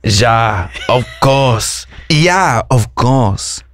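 A man putting on a slow Swedish-accented guy. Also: mid-range voice, animated, a little hiss or hum, voice pushed down. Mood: playful. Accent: Swedish, put on. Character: Swedish man building flat-pack furniture.

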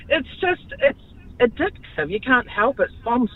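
A woman's voice: on the high side, big pitch swings, unhurried, slightly rough. A woman calling in to a radio show, cheery and laughing. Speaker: caller. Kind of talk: phone-in chat. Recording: tinny phone line.

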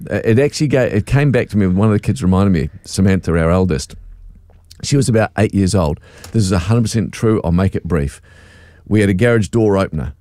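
Middle-aged male radio co-host; low, swooping delivery, laughs at himself. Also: fast, no echo. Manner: animated, self-mocking, laughs while telling. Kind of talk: casual on-air storytelling.

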